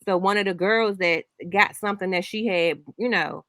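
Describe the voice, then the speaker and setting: A woman's voice: mid-range voice, moderate pace, fairly bright tone, no echo. A woman hosting a casual reaction chat, telling stories in a rambling way with many restarts. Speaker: host.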